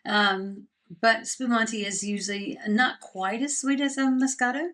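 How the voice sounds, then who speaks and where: A woman's voice: a little high, fairly even intonation, unhurried, fairly bright tone. A middle-aged woman co-hosting a podcast, chatting casually over wine, rambling and laughing often. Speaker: podcast co-host.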